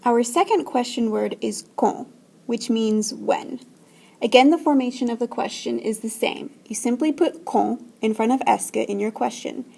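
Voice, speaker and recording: A woman teacher recording a voice-over French lesson, explaining in English slowly and carefully and modelling French phrases aloud. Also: on the high side, creaky, dark tone. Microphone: screen-recording voice-over.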